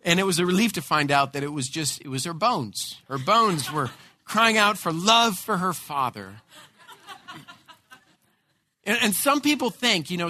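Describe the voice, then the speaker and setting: Bright-voiced high-pitched preacher man. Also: slight background noise. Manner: animated storytelling, frequent word repeats. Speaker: pastor. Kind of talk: sermon with personal storytelling.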